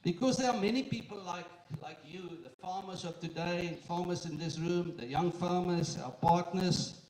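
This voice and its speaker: A man who chairs a company, giving a live welcome speech to an audience, joking and using halting fillers. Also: high-pitched, darkish tone. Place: indoor event room with an audience. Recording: echoey room, far from the mic, faint noise.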